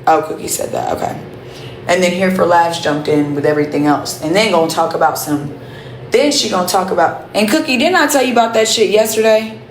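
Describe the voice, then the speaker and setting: A woman's voice: fairly low pitch, brisk, roomy sound, slight background noise, rough recording. A woman livestreaming, ranting at her chat in a profane, confrontational way and repeating herself. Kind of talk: heated live-stream rant to chat.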